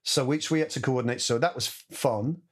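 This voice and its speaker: This man speaks at a medium pitch and a brisk clip. He's a musical director appearing as a guest, swapping casual anecdotes and bringing his stories to life by acting out voices and sounds.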